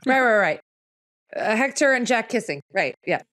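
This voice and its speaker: A woman guest on a casual film podcast, agreeable and playful, full of quick agreements. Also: fairly high pitch, big pitch swings, a bit bright.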